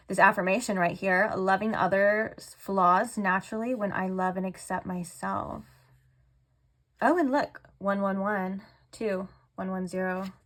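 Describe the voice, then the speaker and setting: Chatty woman reading tarot. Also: mid-range voice. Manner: chatty, says "like" often; soft, slow when reading cards. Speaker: tarot reader.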